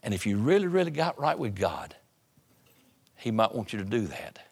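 A man preaching a sermon to his church in a conversational way, repeating phrases and dropping his voice low for emphasis. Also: very animated, moderate pace, creaky, husky. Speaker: pastor.

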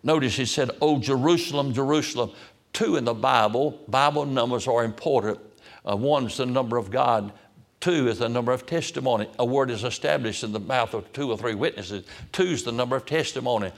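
A man's voice: medium pitch, a little fast, vocal fry. A man who is a pastor, praying and then preaching a sermon, fervent and pleading with repeated appeals to God. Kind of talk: sermon with prayer.

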